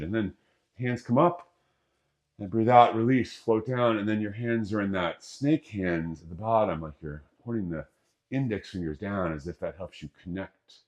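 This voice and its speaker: A man's voice: deep voice, a little mellow. A middle-aged man teaching qigong moves, giving casual, jokey step-by-step breathing cues. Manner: casual, jokey, talks through each breath. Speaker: qigong instructor. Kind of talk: guided exercise instruction.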